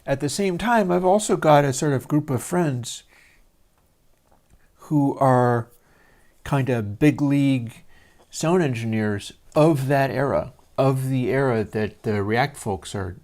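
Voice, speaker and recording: A man's voice: mid-range voice, unhurried, darkish tone. Man, livestream host, casual rambling talk, hesitant, lots of ums, home studio. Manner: meandering, hesitant, many fillers.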